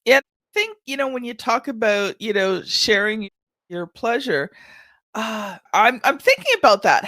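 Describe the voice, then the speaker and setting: An older woman hosting a podcast, telling stories in a chatty, animated way. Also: a little high, a little slow, no echo. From Canada. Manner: chatty storyteller, acts out children's voices. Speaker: podcast host. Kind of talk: casual chat.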